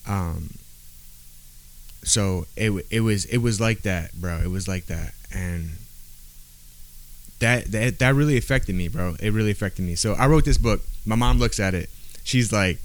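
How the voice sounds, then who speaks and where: A man's voice: sits low, normal speed. A man on a podcast, telling a personal story in casual street slang, with lots of "bro" and "like" fillers. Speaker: podcast guest.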